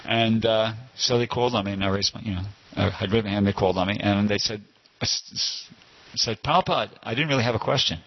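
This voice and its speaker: An older man recounts a story at a temple gathering in a loose, digressive way, often circling back to correct himself. His voice is low and husky. The recording sounds dull and lo-fi. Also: fast. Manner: rambling, digressive, frequent self-corrections. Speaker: devotee telling a story at a temple class. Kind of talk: informal anecdotal storytelling.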